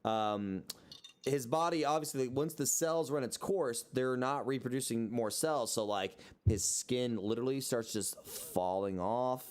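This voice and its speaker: A man's voice: medium pitch, measured pace, darkish tone, clean tone. Young male co-host, loose rambling storyteller, swears freely, mid-range voice. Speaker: podcast co-host. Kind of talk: casual chat.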